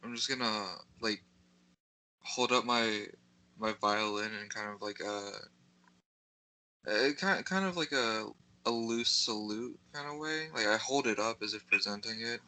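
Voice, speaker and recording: A man playing a tabletop game, speaking quietly and hesitantly. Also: fairly low pitch, measured pace, rough recording. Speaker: player. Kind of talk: casual tabletop play.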